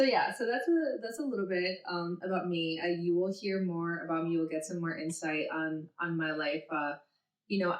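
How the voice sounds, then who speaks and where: A woman in her thirties, a therapist co-hosting a podcast, talking casually in a rambling, self-deprecating way and laughing as she goes. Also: on the low side. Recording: echoey room.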